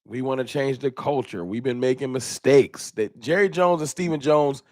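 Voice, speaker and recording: A man hosts a live fan talk stream, chatting in a loose, slangy, animated way. His voice sits in a middle range. The sound is dry and close with no room echo. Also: medium pitch, normal speed. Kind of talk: casual live-stream chat.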